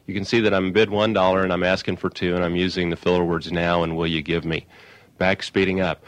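A man who teaches auctioneering, speaking fast on a call-in radio show. He explains plainly, then breaks into quick rhythmic chants of bids. The sound is dry and close, with no room in it. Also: sits low, flat delivery, no room sound. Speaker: auctioneer instructor, radio guest.

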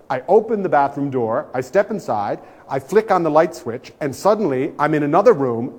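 A man telling a comic anecdote aloud in an animated way and acting out the voices of the people in his story. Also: a little high.

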